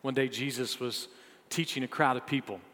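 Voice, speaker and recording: A man preaching a sermon, telling a story with dramatic swings between loud and hushed delivery. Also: mid-range voice, normal speed, long reverb tail.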